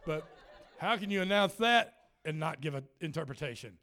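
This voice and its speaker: With a high-pitched, gravelly voice, a German traveling preacher and worship leader delivers a comic sermon at normal speed with few pauses. He tells stories, jokes, laughs a lot and plays out other people's voices in an animated way.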